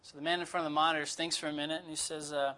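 A man with a high, bright voice delivers a sermon as a visiting preacher. He keeps it conversational, with light asides to the congregation, and sticks closely to his notes. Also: little pitch movement, racing. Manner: conversational, with humorous asides and disclaimers. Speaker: guest preacher.

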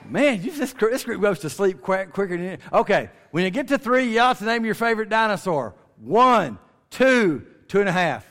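A man's voice: sits high, expressive, fairly quick, few pauses, a bit bright. A man giving a folksy, joking talk to a family audience, stretching words for emphasis. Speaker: speaker at a creation ministry. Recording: long reverb of a large hall.

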